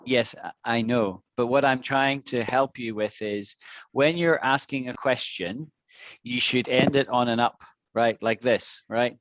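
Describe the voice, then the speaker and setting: A man teaching English online, patient and methodical, repeating examples to make a point. His voice sits at an ordinary middle pitch. The sound is close and dry. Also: fairly even intonation, a little slow, a bit bright, dry recording, lo-fi sound.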